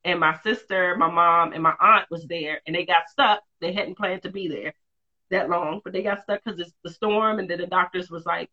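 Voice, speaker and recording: A woman, a mother of two, telling a personal story in a candid, lively, casual way with quick asides. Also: fairly low pitch, dull audio. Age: adult, mother of two.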